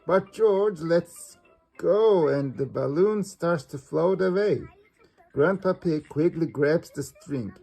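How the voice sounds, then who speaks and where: A children's storybook read aloud slowly and evenly. The voice is gravelly and breathy, with a relaxed, unhurried delivery. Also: medium pitch, soft background music. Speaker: storybook reader.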